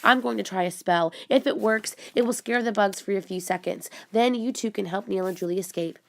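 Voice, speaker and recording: A woman's voice: medium pitch, fairly quick, vocal fry, lightly acted. A woman voicing a nervous young princess who does magic, anxious and apologetic.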